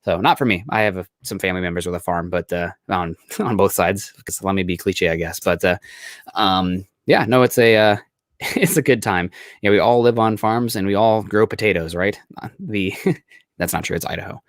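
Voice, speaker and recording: A man's voice: sits low, normal speed, no room sound, clean studio sound. A young man from Iowa hosting a podcast, chatting casually with lots of fillers. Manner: relaxed, filler-heavy rambling. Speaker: podcast host. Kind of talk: casual chat.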